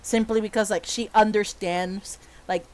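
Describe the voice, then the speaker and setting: A woman's voice: mid-range voice, fairly even intonation, a little slow, a little mellow. A woman narrating a tabletop game as game master, in a casual, filler-heavy way.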